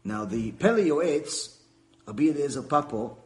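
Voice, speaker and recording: A man teaching a Torah lecture to a live audience, telling a story with animated emphasis. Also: on the high side, moderate pace, roomy sound. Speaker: rabbi teaching a class.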